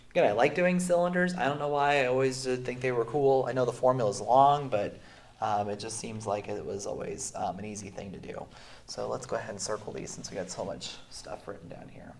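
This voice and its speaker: A man who is sick, teaching a recorded math lesson in a relaxed way with many fillers, going through the steps slowly. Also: medium pitch, gravelly. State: sick, voice sounds off. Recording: roomy echo.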